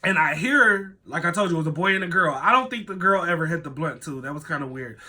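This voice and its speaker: A man telling a story to camera in casual storytime style, animated and swearing freely. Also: fairly high pitch, fast talker. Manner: animated, swears often, acts out quoted voices.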